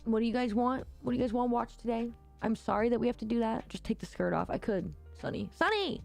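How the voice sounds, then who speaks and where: A woman hosting a casual livestream, talking bluntly with lots of swearing and quick reactions. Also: fairly high pitch, expressive, vocal fry, a little mellow, faint music behind. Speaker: livestream host.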